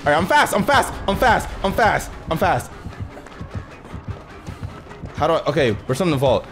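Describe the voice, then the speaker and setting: A man's voice: medium pitch, big pitch swings, moderate pace, pauses often. A young man doing nervous let's-play commentary, swinging between muttered self-talk and shrieks and cursing a lot. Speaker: gaming YouTuber. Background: game music.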